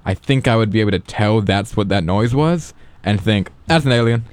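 A man's voice: on the low side, moderate pace, darkish tone, dry recording. A man hosting a radio show in casual chat, easygoing and rambling. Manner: easygoing, rambling, lots of fillers. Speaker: radio host.

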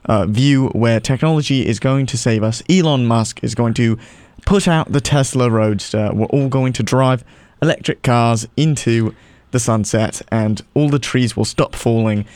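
A man's voice: medium pitch, normal speed, a little mellow, dry recording. A man hosting a college radio show, chatting casually with a wry, sarcastic manner and frequent "uh" fillers.

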